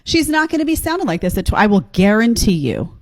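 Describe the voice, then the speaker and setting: A woman's voice: medium pitch, sing-song, quick pace, no echo. A woman hosting a reaction video, giving blunt, sarcastic commentary on clips she plays.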